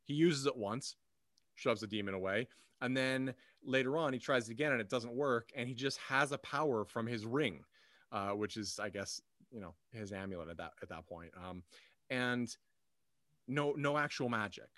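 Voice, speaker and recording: A man's voice: medium pitch, normal speed, a bit bright, dry recording. A man talking through an old TV movie in a loose, rambling way, full of ums and restarts. His voice sits in a middle register and sounds dry and close, with almost no room around it. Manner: rambling, many fillers and restarts. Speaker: podcast co-host. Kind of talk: casual film discussion.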